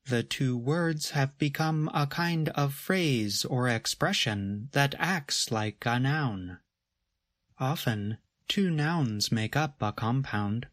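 A man narrating a scripted grammar lesson in a measured, explanatory way. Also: medium pitch, fairly bright tone, no room sound, studio quality. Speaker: grammar teacher.

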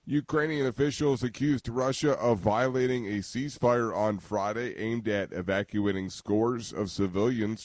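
A man reading a radio news bulletin as the anchor, in a measured, even delivery. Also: fairly low pitch, no room sound.

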